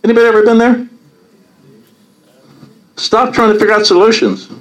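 A man's voice: sits high, normal speed, a bit bright, low-quality recording. A man leading a Bible study, reading scripture aloud and commenting on it earnestly.

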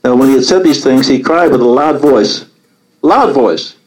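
A man's voice: mid-range voice, moderate pace, a little mellow, poor audio. A man leads a small Bible study group. He reads scripture aloud, then stops to explain it in an earnest, teaching way.

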